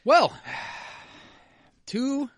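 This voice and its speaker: A man's voice: very high voice, lively intonation, drawn-out words, dry recording, clean studio sound. A man co-hosting a podcast, joking and swearing as he reads listener emails. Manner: joking, sweary, drops into a mutter. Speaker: podcast co-host. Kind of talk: casual banter, reading listener emails.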